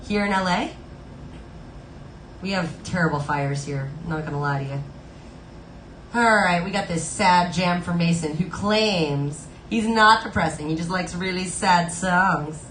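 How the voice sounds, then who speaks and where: A woman's voice: fairly low pitch, measured pace, a bit bright, roomy sound, a little hiss or hum, rough recording. A woman live-streaming from home, chatting casually with her viewers in a bubbly way, full of "like" fillers. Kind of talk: casual chat with viewers between songs. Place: Los Angeles home.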